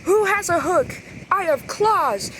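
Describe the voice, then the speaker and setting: A woman acting out a plush toy story, switching between many character voices with excited shouted sound effects. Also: very high-pitched, takes it slowly, slight background noise. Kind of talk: playful toy role-play narration.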